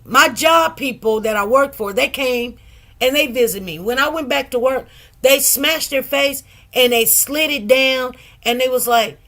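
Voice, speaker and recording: A woman's voice: fairly high pitch, moderate pace, a bit bright. A middle-aged woman, telling a personal story in a rambling, casual way, with many asides. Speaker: commentary channel host.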